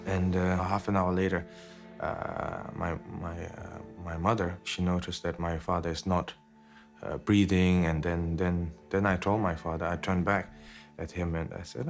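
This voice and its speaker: Brief: man in his 30s from India, very low voice, reflective and halting, soft music under. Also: level tone, gravelly. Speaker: interviewee, Tibetan Buddhist teacher. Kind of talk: documentary interview.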